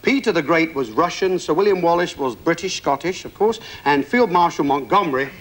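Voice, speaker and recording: A man's voice: fairly high pitch, expressive, fairly quick, a bit bright. A man hosting a television quiz show, jovial and joking with the contestants as he reads out questions and scores. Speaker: game show host. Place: TV studio. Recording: TV studio with audience and music. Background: studio audience and show music.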